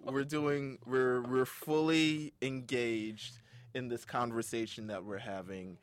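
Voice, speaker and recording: A man's voice: medium pitch, steady tone, slow, no echo. Chatty young man hosting a podcast. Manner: chatty, rambling, with frequent laughs and fillers. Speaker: podcast host. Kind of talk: casual podcast chat.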